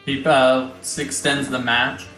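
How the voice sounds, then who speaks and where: A man narrating as game master of a tabletop game, descriptive and halting with many pauses. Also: medium pitch, little pitch movement, bright, forceful tone. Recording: roomy recording, faint music.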